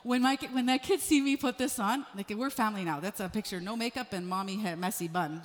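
A middle-aged woman pastor preaching a sermon, telling stories in an animated way that swings from quiet asides to raised emphasis. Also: medium pitch, fast. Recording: long hall reverb.

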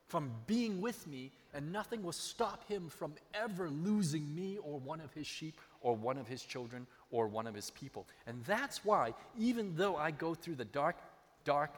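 A man preaching a sermon. He tells personal stories and repeats key phrases for emphasis. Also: fairly high pitch. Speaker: pastor. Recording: long hall reverb.

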